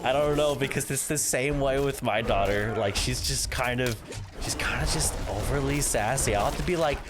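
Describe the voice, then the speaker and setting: A man's voice: medium pitch, normal speed, noisy background. A young man livestreaming a game, chatting casually and animatedly, laughing often and acting out family conversations. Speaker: gaming livestreamer and father. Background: game music.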